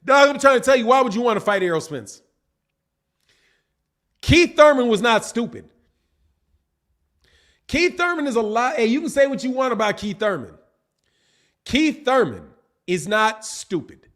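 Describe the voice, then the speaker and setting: Animated high-voiced man reading live chat. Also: moderate pace, pauses often. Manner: animated, slangy, laughs often, talks to viewers. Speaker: boxing channel host reading live chat. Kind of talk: casual live-stream chat.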